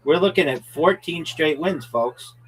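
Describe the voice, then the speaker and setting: Hosting a casual game stream with his friends, a brash, profane man boasts to viewers like a mock announcer. His voice is a little high and a little slow, with lively intonation. The recording is rough.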